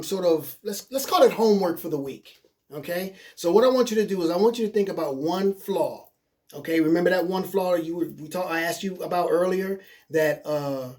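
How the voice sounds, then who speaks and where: A man's voice: high-pitched, darkish tone. A man giving a coaching webinar in a casual, encouraging way, who repeats points and keeps checking in with "okay?". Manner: casual, encouraging, plain-spoken. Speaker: life coach.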